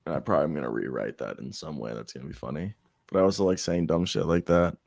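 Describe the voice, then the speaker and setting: A man's voice: rumbling low, fast, vocal fry, a little mellow, no room sound, studio quality. Crude joking young man. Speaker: podcast co-host. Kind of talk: casual podcast banter.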